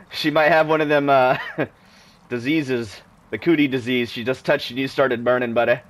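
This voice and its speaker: A man's voice: medium pitch, fairly even intonation, normal speed. A man commenting in a jokey manner as he plays a video game, reacting aloud. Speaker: gaming video host. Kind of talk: let's play commentary.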